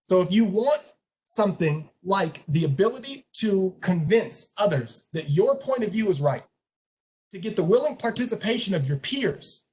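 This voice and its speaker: A speaker at a career meetup giving an animated motivational talk and retelling a story with acted voices. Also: medium pitch, moderate pace.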